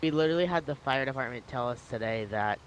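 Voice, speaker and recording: A man talking with a friend over voice chat on a gaming stream, telling a story haltingly with lots of fillers. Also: medium pitch, slight background noise, rough recording. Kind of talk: casual chat on a livestream.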